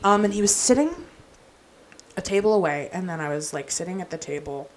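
A woman's voice: lowish voice, fairly quick, a little hiss or hum. A young woman co-hosting a podcast, telling a long story in a rambling, casual way full of "like" and "um". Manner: rambling, filler-heavy storytelling with lots of "like". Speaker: podcast co-host.

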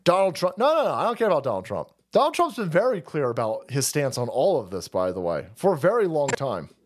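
A man's voice: medium pitch, wildly swooping pitch, a little fast. A man hosting a livestream, ranting about politics in a heated, profane, repetitive way. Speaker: livestream host.

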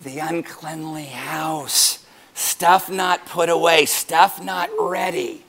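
A man pastor preaching a sermon to his congregation, animated and joking with them as he goes. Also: a little high, slow pace, vocal fry.

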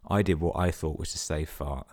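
A man's voice: rumbling low, steady tone, normal speed, a little mellow. A man hosting a podcast, reading listener emails aloud and breaking in with sweary, sarcastic comments. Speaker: podcast host.

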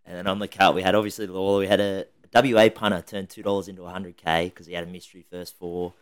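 A man's voice: low voice, little pitch movement, fast, clear, resonant tone. An Australian man hosting a casual podcast chat, leading the topics and laughing often. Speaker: podcast host.

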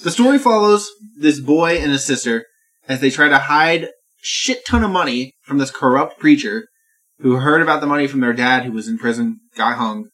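Excitable young-sounding man, bright and lively. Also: medium pitch, moderate pace. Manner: excitable, swearing, acts out movie lines in voices. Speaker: podcast co-host. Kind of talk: casual chat, retelling a movie.

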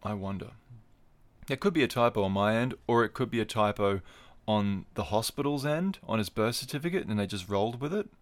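With a lowish voice and a brisk pace, a podcast host runs through fight recaps on his own casual show. He peppers them with wry, digressive jokes.

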